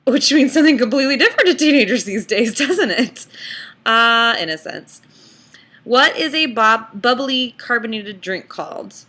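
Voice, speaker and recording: A woman's voice: on the high side, animated, sharp tone. A young woman from Texas, chatting casually to camera in a self-mocking vlog. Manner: chatty, self-mocking, drawn-out word reading. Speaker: vlogger.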